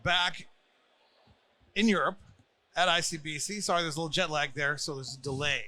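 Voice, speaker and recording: A man's voice: a little high, fairly even intonation, bright, forceful tone, soft background music. A man hosting a podcast, talking in a chatty, playful way and interviewing guests at a conference. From United States. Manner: chatty, playful, quick bursts of talk. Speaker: podcast host. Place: busy conference venue.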